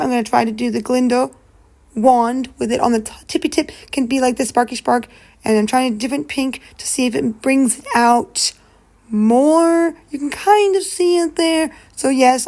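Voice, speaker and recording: Bubbly woman vlogger narrating a nail art tutorial, fairly high voice, playful exclamations. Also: a little mellow, rough recording.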